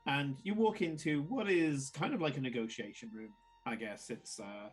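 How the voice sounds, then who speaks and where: A man narrating a tabletop game as game master, in a halting, filler-heavy way. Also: mid-range voice, slightly rough, faint music behind. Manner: halting, lots of fillers and restarts.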